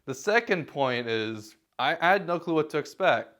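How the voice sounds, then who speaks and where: Smooth-voiced man giving casual advice. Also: a little high, animated, moderate pace, fairly bright tone. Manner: self-deprecating, many fillers and restarts, chuckles. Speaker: vlogger. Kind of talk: casual talking-head advice.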